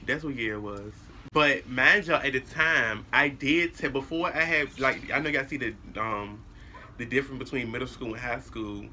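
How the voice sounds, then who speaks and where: A young man telling a personal story to his viewers in a casual, animated way, blunt and full of cursing. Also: medium pitch, moderate pace, a little hiss or hum. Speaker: vlogger.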